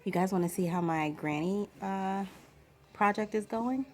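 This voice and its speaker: A woman's voice: medium pitch, measured pace, a little mellow. A young woman vlogging at home in a casual, rambling chat with lots of fillers.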